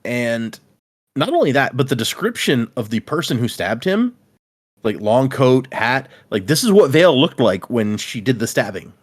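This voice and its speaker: Animated man recapping a story. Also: medium pitch. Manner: animated retelling with quick character asides; casual swearing. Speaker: podcast host recapping a book. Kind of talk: casual chat.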